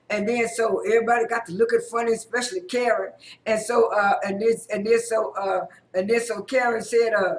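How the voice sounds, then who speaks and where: A woman's voice: mid-range voice, fairly even intonation, brisk. A woman giving a casual spoken recap of a TV episode, rambling with frequent repeats and restarts. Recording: roomy echo.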